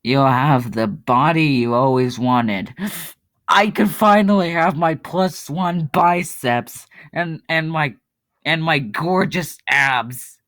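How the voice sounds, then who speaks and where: A man's voice: a little high, slow pace, fairly bright tone. A man giving casual commentary on a web game, rambling and mocking himself, often breaking into laughter. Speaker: YouTuber playing a web game.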